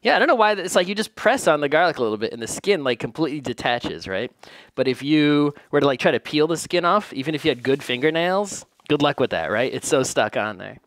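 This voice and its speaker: A man's voice: on the high side, animated, fairly quick, dry recording. A man casually narrating his home cooking in a kitchen, rambling and joking at his own expense. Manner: joking, rambling, self-deprecating. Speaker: home cook vlogger.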